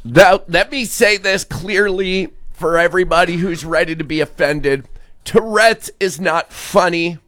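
A man's voice: high voice, measured pace, fairly bright tone. A man cohosting morning radio, telling a rambling story with restarts and hedges.

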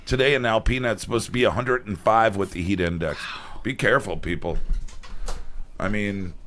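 A man's voice: on the low side, a little fast, a bit bright. A man hosting a morning radio show, reading the weather and promos and bantering with his cohosts. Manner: upbeat, reads weather and promos, laughs with cohosts.

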